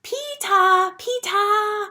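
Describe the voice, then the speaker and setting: A woman voicing a gleeful, rambunctious toddler boy with high, drawn-out baby talk in a children's book read-aloud. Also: bright, forceful tone, full character voice. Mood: excited.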